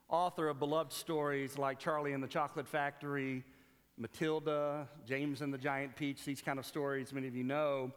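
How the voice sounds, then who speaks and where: Pastor with a higher voice in a reverberant hall. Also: male voice, clear, resonant tone. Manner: storytelling, retells scenes with quoted dialogue, halting restarts. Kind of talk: sermon.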